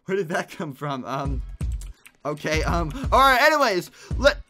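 Young male gaming streamer, high and bright, excitable and stammering, light game music underneath. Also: measured pace. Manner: excitable, stammering restarts, frequent laughs. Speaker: gaming livestreamer. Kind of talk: live gameplay commentary.

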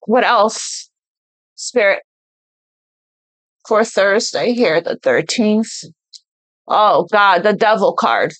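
A woman does a spontaneous tarot card reading, speaking earnestly as though passing on intuitive messages and repeating phrases for emphasis. Her medium-pitched voice is fairly bright, slow, and marked by long pauses.

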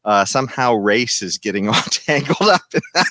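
Laid-back low-voiced male podcast host. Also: brisk, few pauses, fairly bright tone, dry recording. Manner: laid-back, loose, with many fillers and chuckles. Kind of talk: casual panel discussion.

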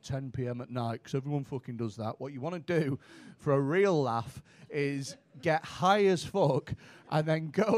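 Man, stand-up comic, high voice, brash teasing banter, handheld stage mic. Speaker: stand-up comedian. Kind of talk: stand-up crowd work. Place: comedy club stage.

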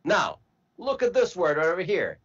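A man teaching medical terminology to a class, slowly spelling out word parts and asking students to repeat. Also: high-pitched, wildly swooping pitch, a bit bright, husky, lo-fi sound. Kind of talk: classroom lecture.

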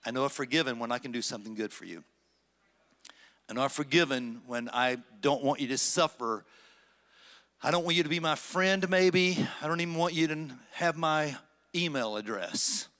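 A middle-aged man, a pastor, preaching a sermon with dramatic slow phrases and rising emphasis. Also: medium pitch, bright, forceful tone.

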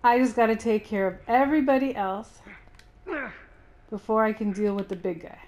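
A woman giving anxious let's-play commentary, yelping and shouting at enemies. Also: fairly high pitch, normal speed, slight background noise. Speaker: gaming streamer.

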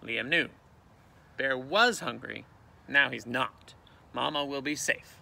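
A male teacher reading a picture book aloud with expressive, dramatic storytelling, outdoors in a canoe. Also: mid-range voice, slow pace, vocal fry.

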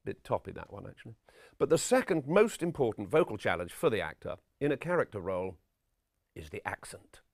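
A man playing a vain, pompous middle-aged character actor, lecturing on his craft in a deadpan, self-regarding way. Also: fairly low pitch, fairly quick, creaky, dry recording, studio quality, heavily acted. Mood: self-important. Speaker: actor giving acting advice. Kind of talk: deadpan spoof documentary address.

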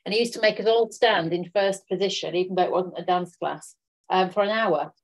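A woman hosting a craft show, telling stories in a bright, chatty way and laughing easily. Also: on the low side, brisk. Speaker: host. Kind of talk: casual chat.

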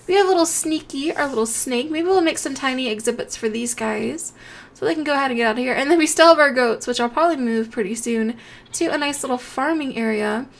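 A young woman hosting a game channel, chatting casually as she plays and gushing over animals with excitable, sweet baby-talk. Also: high-pitched. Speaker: gaming channel host.

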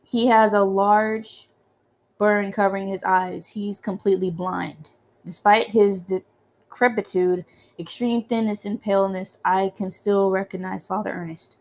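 A woman reads as a young man who narrates his eerie quest through a horror game. His delivery is quiet and descriptive. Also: medium pitch, steady tone, a little slow, lightly acted. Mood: uneasy. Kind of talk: reading game narration aloud.

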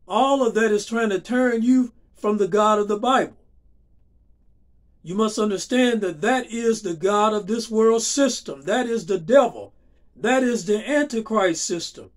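A man preaching a church sermon, emphatic and deliberate, repeating his key phrases for stress. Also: high-pitched.

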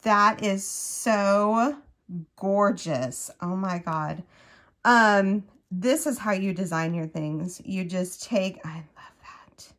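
Unhurried, gushing woman crochet vlogger, casual unboxing talk that keeps breaking off mid-thought. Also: mid-range voice. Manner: gushing, excitable, gasps and trails off mid-sentence. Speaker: crochet channel host.

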